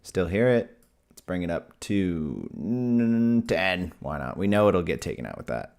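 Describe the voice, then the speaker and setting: A man's voice: low voice, big pitch swings, a little slow, vocal fry, darkish tone. A man hosting a live video editing tutorial, talking casually and thinking aloud as he works.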